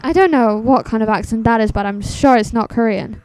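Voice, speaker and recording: Woman host, higher voice, wry asides over gameplay, dry close recording. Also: fairly quick, a little mellow, no room sound. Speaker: let's play host voicing characters. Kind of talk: game voice-over with commentary.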